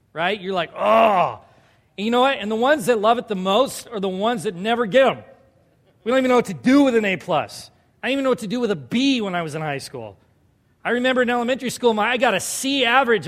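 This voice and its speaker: A man's voice: sits high, a bit bright, big-room sound. A young man preaching a sermon in a casual, conversational way, often asking his listeners questions. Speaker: pastor.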